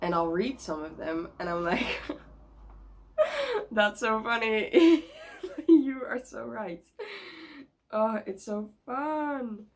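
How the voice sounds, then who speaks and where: Young woman, chatty vlog, giggly, rambling, lively and excitable. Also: mid-range voice, takes it slowly, low-quality recording. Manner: bubbly, rambling, giggly, many likes and restarts. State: sick. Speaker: vlogger.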